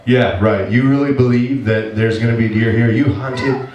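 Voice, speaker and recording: A man's voice: mid-range voice, fairly even intonation, moderate pace, darkish tone, very echoey, recorded from a distance, muffled recording, natural voice. A man voicing a mocking devil who taunts him, with a scoffing, needling delivery.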